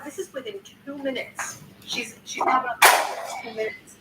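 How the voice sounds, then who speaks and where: A content creator in her sixties talks through a news video with casual indignation, swearing frequently and restarting her sentences. Her high, creaky voice swings widely in pitch at a moderate pace, captured with roomy, distant sound and faint noise.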